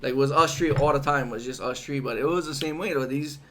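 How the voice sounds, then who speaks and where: Man, co-host. Middle pitch, relaxed and jokey, faint background hiss. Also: fast talker. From Hawaii. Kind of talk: casual chat.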